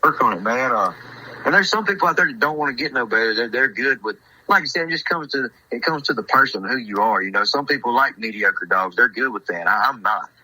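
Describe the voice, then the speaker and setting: Young man, very bright, laid-back voice. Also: mid-range voice, lively intonation, fairly quick, slightly rough, rough recording. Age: 20s. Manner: laid-back, hesitant, with many "you know" fillers. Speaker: hunting dog handler, guest. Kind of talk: casual podcast chat.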